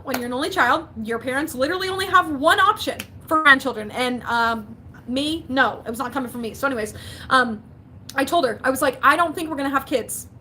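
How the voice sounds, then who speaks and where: A woman's voice: high-pitched, slight background noise. A young woman chatting casually on a livestream, answering viewers' chat, talkative and full of fillers. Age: young adult. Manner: chatty, animated, lots of fillers and quoted dialogue. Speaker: YouTuber answering live chat.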